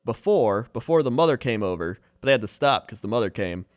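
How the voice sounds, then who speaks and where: A man's voice: mid-range voice, expressive, a little fast, dry recording, studio quality. A man casually retelling a movie plot, filling his talk with "like" and quoted dialogue. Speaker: co-host recapping a movie. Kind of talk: casual chat.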